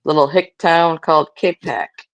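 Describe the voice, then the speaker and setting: A man from the United States co-hosting a live chat, rambling with halting starts. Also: fairly high pitch, fairly even intonation, fairly bright tone. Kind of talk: casual chat.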